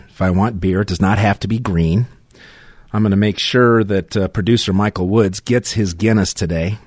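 Low, dry-voiced radio talk host. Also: male voice, darkish tone, dry recording. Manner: chatty, joking, with fillers and restarts. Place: radio studio. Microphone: studio microphone.

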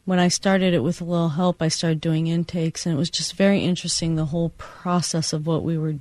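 A man's voice: fairly high pitch, flat delivery, fairly quick, a little mellow, no room sound. A man speaking as an interview guest from the home care business, earnest and plain. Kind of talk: interview answers.

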